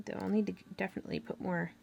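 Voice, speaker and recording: A woman's voice: mid-range voice, level tone, very fast, gravelly, darkish tone, soft background music. A woman hosting a crafting tutorial, chatting casually and thinking aloud as she works. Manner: chatty, thinking aloud, with fillers and little laughs.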